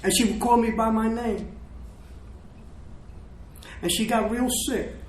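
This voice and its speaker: High-voiced older man giving testimony. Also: steady tone, a little slow. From South Bronx, New York. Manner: emotional, storytelling with quoted dialogue. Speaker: recovery speaker. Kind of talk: personal testimony speech. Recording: echoey room, faint noise.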